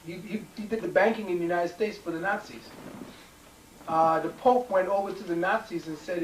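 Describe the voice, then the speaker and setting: A man's voice: high voice, fairly quick. A man lecturing to a live audience in an emphatic, digressive way, restarting his sentences often. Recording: echoey room, distant mic, faint hiss.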